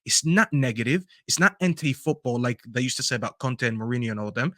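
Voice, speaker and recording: A man co-hosting a football podcast, giving strong opinions in a casual, animated debate. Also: mid-range voice, fast, no echo, studio quality. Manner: opinionated, animated, talks over hesitations.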